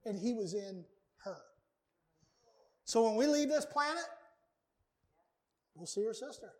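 A man with a very high voice preaching in a church. He talks with earnest emphasis and leans hard on repeated words, the way a pastor drives a point home from the pulpit. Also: expressive, a little slow. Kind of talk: sermon. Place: church sanctuary.

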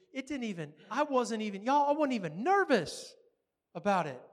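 A high-pitched man delivers a brisk, story-driven sermon. Lively and animated, he plays out the dialogue and laughs frequently.

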